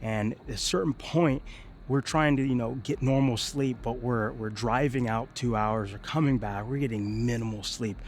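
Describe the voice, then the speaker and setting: A young man in the middle of a vlog, talking casually with lots of fillers and slang. His voice sits in an ordinary middle register. When he acts out quoted lines, he suddenly jumps up in pitch and loudness. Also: normal speed, a little hiss or hum. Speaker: vlogger.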